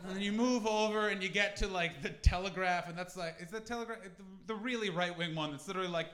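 A Canadian man performing a stand-up comedy set in a club, animated and slipping into mocking character voices. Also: high voice, quick pace, hardly any pauses, a crowd in the background. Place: comedy club with a live audience. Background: audience laughter.

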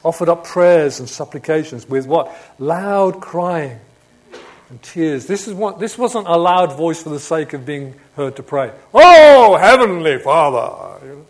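A man preaching a sermon, swinging between emphatic proclamation and hushed reflection, often asking his listeners rhetorical questions. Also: on the high side, a little slow. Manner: asks rhetorical questions of the congregation.

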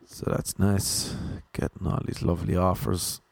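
A young Irish man telling funny anecdotes in a deadpan, sardonic way. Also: low-pitched, a little slow, creaky, dry recording. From Ireland. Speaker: vlogger. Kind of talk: casual storytelling monologue.

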